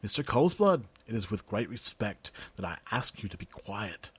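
A man voicing a blunt male army sergeant who speaks firmly in a clipped, quietly threatening way. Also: lowish voice, lively intonation, normal speed, slightly rough, dry recording.

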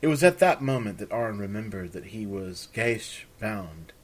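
Brief: calm male fantasy narrator, low and husky. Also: normal speed. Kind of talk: fantasy story reading.

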